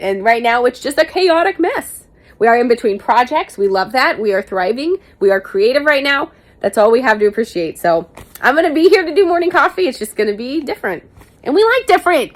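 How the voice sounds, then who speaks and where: A young woman vlogger answering viewer questions in a candid, chatty, self-mocking way, swearing casually now and then. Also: high-pitched. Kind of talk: casual Q&A chat to camera.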